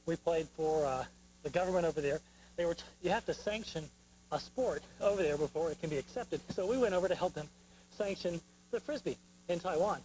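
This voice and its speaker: Young man, out of breath TV guest, easygoing, fairly high voice. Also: fairly quick, a little mellow, slight background noise, rough recording. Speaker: guest, frisbee champion.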